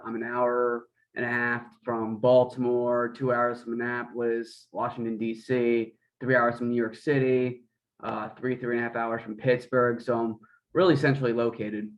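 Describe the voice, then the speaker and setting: A man's voice: mid-range voice, little pitch movement, normal speed, lo-fi sound. A man with an American accent, from Pennsylvania, interviewing a guest in easygoing casual chat. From Pennsylvania, United States.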